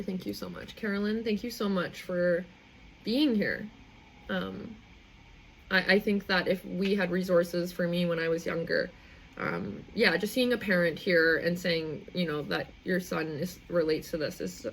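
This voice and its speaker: A woman's voice: lowish voice, gravelly, slight background noise, low-quality recording. A young woman hosting a live stream, talking in an effusive, rambling, heartfelt way. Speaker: livestream host. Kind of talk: emotional live stream sign-off.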